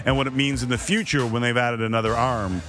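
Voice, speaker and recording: A man hosting a sports talk show, moderating a panel with brisk, joking quiz-style questions. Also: medium pitch, fairly even intonation, a bit bright, faint music behind.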